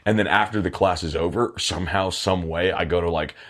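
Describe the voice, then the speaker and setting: A man's voice: deep voice, steady tone, a little fast, fairly bright tone. A man co-hosting a podcast, telling funny stories in casual chat, acting out quotes and laughing often. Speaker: podcast co-host.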